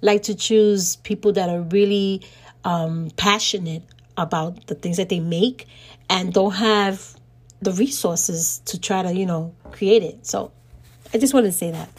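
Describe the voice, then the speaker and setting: Middle-aged woman podcast host, casual solo storytelling, animated and indignant, quick laughs, mid-pitched voice.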